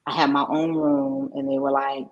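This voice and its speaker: A woman's voice: extremely low pitch, completely flat delivery, moderate pace, husky, lo-fi sound. A middle-aged woman, a podcast guest, candidly telling a personal story and acting out the voices of people she quotes. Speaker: podcast guest, mindset coach.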